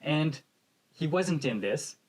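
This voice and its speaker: A man's voice: on the high side, expressive, takes it slowly. A married man co-hosting a casual movie review chat, telling stories with dry teasing humor. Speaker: podcast co-host.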